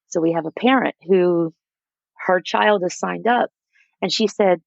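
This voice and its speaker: A woman's voice: fairly low pitch, unhurried, vocal fry, dry recording, lo-fi sound. A woman founder telling stories in a casual interview, animatedly acting out what other people said. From United States. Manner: animated, acts out quotes of others. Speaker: micro school founder, guest.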